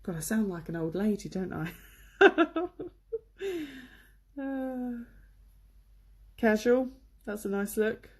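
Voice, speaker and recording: A woman's voice: mid-range voice, lively intonation, measured pace, pauses often, dark tone. A woman from England giving a chatty, enthusiastic online English lesson, with many fillers, on a computer microphone. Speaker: English teacher.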